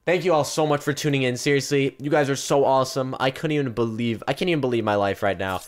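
A young man giving live commentary on his game stream, chatting straight to his viewers and breaking into loud yelps and shouts. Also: medium pitch, fast. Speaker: gaming streamer.

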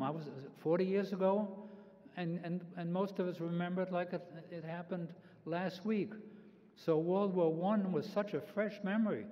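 Halting elderly man in an echoey hall. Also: a little high. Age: 80s. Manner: halting, with frequent restarts and repeated words. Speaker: Holocaust survivor speaker. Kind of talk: public talk, personal testimony. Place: large event hall. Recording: echoey hall, slightly dull sound.

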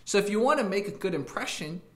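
A man's voice: high voice, expressive, fast talker, fairly bright tone, reverberant. A man hosting his own channel, rambling through a casual rant to camera and laughing at his own jokes with crude asides. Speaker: YouTube channel host.

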